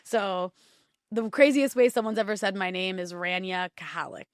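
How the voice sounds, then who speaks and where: A woman guest from Lebanon, chatting casually on a podcast and telling stories with lively laughter. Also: mid-range voice, normal speed, no echo, clean studio sound. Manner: animated storytelling with laughter. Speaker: guest journalist.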